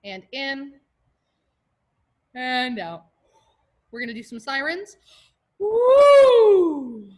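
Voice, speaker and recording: A woman leading an online choir class and warm-ups, talking casually and jokily with lots of fillers over a video call. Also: sits high, slow pace, pauses often. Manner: casual, joking, chatty with many fillers.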